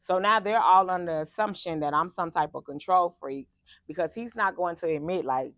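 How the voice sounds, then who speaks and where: A woman tells a personal story in a casual, animated, emphatic way. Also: on the low side, brisk, dry recording. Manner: animated and emphatic, acts out the people she quotes. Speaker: vlogger telling a personal story.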